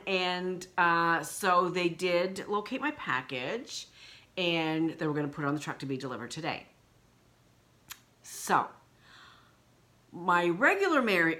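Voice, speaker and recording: A woman's voice: fairly low pitch, pushed and bright. A woman vlogging in a casual, indignant rant, blunt and swearing freely. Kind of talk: casual ranting vlog.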